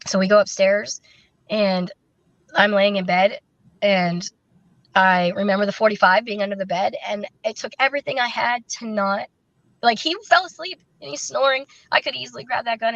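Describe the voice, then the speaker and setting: A woman speaks as an interview guest, telling a painful story in her own words. Her delivery is candid and halting, full of fillers and restarts. The recording is dry and a little dull, with a lo-fi feel. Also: mid-range voice, steady tone, vocal fry, a bit bright, dry recording. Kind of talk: recounting a personal story in an interview.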